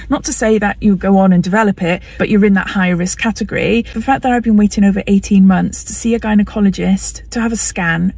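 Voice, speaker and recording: A woman's voice: medium pitch, creaky, darkish tone, dry recording. A middle-aged woman talking candidly in a personal vlog, often laughing and sometimes emotional. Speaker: vlogger.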